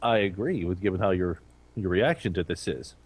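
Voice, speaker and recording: A man's voice: sits low, lively intonation, normal speed, slightly rough. A man playing a tabletop game who often stammers and restarts his sentences. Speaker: player.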